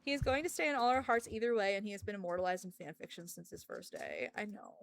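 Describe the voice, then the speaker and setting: A woman's voice: medium pitch, big pitch swings, fast talker, vocal fry, dry recording. A woman streamer chatting casually with her audience, rambling and joking and talking to her dogs between thoughts. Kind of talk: casual live-stream chat.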